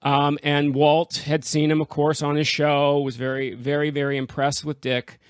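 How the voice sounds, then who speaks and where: A man's voice: a little high, flat delivery, normal speed, smooth. A chatty male podcast host talks about old movies with eager enthusiasm and frequent laughter. The sound is dry and close, with no room echo. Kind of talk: casual film discussion.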